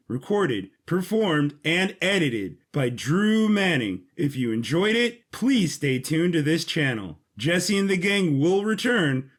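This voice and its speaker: A man narrating his own audio drama in an expressive, animated way. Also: on the high side. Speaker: writer and narrator.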